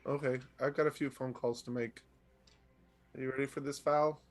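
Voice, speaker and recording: A man playing in a tabletop game who chats in a relaxed way about his character's messages. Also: medium pitch, normal speed. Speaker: player. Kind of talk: casual tabletop play.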